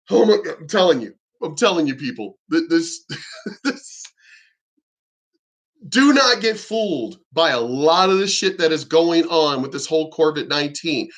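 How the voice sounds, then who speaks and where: A man's voice: on the high side, fairly bright tone. A man venting to his viewers in an emphatic, indignant rant, swearing often and repeating and restarting his sentences. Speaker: vlogger. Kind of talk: ranting monologue to camera.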